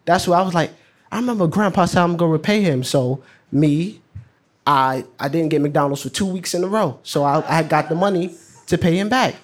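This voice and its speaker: A man's voice: fairly high pitch, brisk. A teenage boy, telling a personal story live in a casual, slangy, laughing way. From New York. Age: teens. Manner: casual, chatty, slangy, laughs along with his own story. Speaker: student storyteller.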